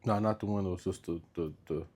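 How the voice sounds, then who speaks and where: A man co-hosting a podcast in casual chat, low-key and drowsy, yawning between short replies. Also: fairly even intonation, fairly quick, darkish tone. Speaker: podcast co-host.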